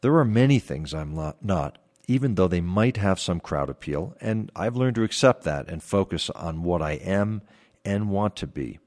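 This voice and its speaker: Podcast host, man in his 50s: deep, expressive pitch, measured reflective storytelling. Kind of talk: scripted podcast monologue.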